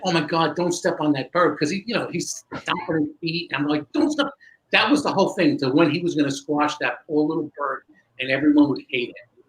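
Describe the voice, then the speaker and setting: Animated storytelling man, bright voice. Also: a little high, poor audio. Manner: animated, acts out dialogue. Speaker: guest magician. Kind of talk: casual storytelling.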